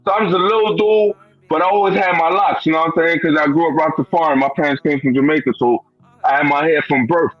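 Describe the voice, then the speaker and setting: A man's voice: on the high side, fairly even intonation, fast talker, no room sound, highs cut off, faint music behind. A man telling a personal story in a casual, profane, streetwise way, full of "bro" and "you know what I'm saying.". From Brooklyn, New York. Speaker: guest.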